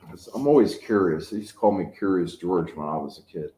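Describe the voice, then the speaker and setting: Male, 50s, channel host: dark, mellow voice, loose rambling chat, roomy echo. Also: low voice, expressive, a little fast. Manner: rambling, anecdotal storytelling. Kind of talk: casual chat. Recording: echoey room.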